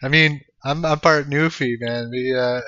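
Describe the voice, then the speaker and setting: Laid-back bright-voiced streamer guy. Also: medium pitch, fairly even intonation, a little slow, no room sound. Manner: laid-back, swears freely, chuckles while answering chat. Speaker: game streamer. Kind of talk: casual live-stream chat. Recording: dull lo-fi stream audio.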